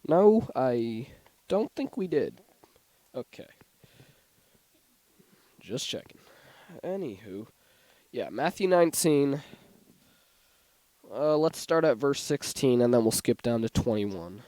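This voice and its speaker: A man's voice: medium pitch, big pitch swings, slow, long pauses, mellow, no room sound. A young man giving an informal Bible teaching in a church, chatty and given to asides and self-corrections. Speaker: lay preacher. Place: church sanctuary.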